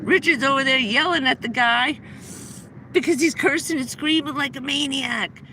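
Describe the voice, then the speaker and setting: A woman's voice: sits high, normal speed, bright, forceful tone, slight background noise, poor audio. A middle-aged woman hosting a livestream, telling a long, rambling anecdote with many restarts in a casual way. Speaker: livestream host. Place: inside a vehicle.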